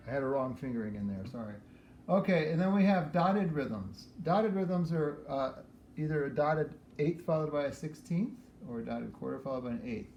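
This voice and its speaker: A man teaching piano, explaining practice methods for scales in a relaxed way while he demonstrates. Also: mid-range voice, a little fast, dull audio. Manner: relaxed, explains while playing and counting aloud. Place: room with a piano. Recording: echoey room with piano playing.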